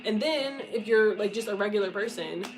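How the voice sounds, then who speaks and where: A woman's voice: medium pitch, fairly quick, over music, low-quality recording. Blunt, profane young woman chatting. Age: 20s. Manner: blunt, profane, frequent laughter. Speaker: content creator answering questions. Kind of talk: casual candid chat.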